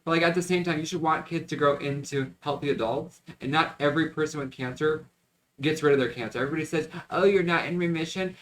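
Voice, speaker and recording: Out running around between the car and stores, a twentysomething male vlogger chats frankly to his phone camera, cursing and flipping from joking to complaining. He speaks quickly in a fairly high, fairly bright voice, and there's a slight hiss or hum.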